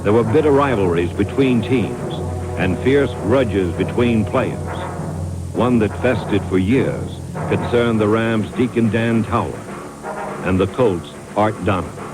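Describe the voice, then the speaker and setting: A low-voiced male narrator reads a documentary script with measured, dramatic weight. Music plays clearly behind his voice throughout.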